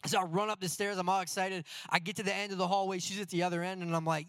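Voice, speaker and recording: A man in his thirties preaches with lively, story-driven energy, often turning to rhetorical questions. His voice sits a little high for a man. The recording is dry and close, with no room echo. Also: fast, hardly any pauses. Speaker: pastor. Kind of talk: sermon.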